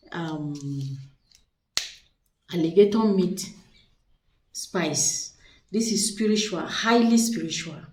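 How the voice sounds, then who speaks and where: Low-voiced woman pitching products, echoey. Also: noisy background. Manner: chatty, persuasive, repeats words for emphasis. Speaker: seller of spiritual products. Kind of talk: casual product showcase. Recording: echoey room, distant mic.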